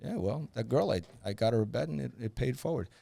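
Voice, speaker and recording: Gravelly storytelling man. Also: medium pitch, fast talker, dry recording. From New Jersey. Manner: animated storyteller acting out quoted voices. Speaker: podcast guest, former undercover officer. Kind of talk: storytelling in a podcast interview.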